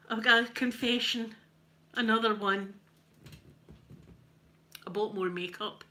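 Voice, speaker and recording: A woman's voice: mid-range voice, bright, forceful tone. A Scottish woman chatting casually on a live stream, self-mocking and laughing often as she talks to her viewers. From Scotland. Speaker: livestream host.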